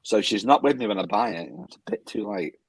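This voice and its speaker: A British man with a low, husky voice chats casually as a podcast co-host. He rambles and stumbles over his first words before he gets going. The sound is dry and close to the mic. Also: animated, fairly quick, no room sound. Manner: rambling, restarts with stammered "I, I". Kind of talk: casual chat.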